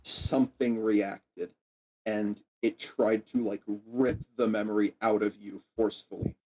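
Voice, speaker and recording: Mellow-voiced man as game master. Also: fairly low pitch, fairly even intonation, a little slow, low-quality recording. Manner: hesitant, with many fillers. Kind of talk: narrating a tabletop game.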